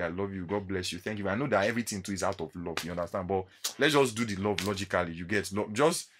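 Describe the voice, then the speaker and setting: Nigerian male vlogger, low-set and bright, animated storyteller. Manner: animated storytelling, acting out encounters. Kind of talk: casual monologue to camera.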